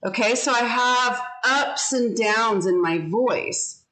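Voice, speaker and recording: A woman teaching a class over a video call, slow and deliberate as she explains and models pronunciation. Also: a little high, fairly bright tone, poor audio. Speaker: English teacher.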